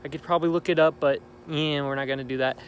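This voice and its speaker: Sitting outside at night, a young man who runs a gaming channel gives casual let's-play commentary, chatty and upbeat as he wanders from topic to topic. He speaks quickly at a fairly high pitch with fairly even intonation, over a slight hiss or hum.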